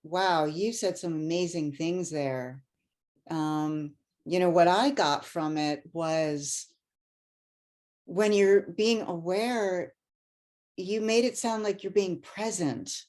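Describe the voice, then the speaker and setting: Slow, gushing woman hosting a panel. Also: on the low side, a little mellow. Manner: effusive, gushing. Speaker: conference host. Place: online video conference.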